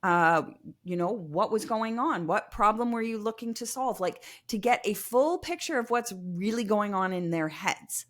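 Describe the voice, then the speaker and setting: A woman who is a guest consultant in a casual interview, explaining her work in a lively manner with many fillers. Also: mid-range voice, normal speed, few pauses. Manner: explanatory, lively, uses fillers like um and you know. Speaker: customer experience consultant, guest.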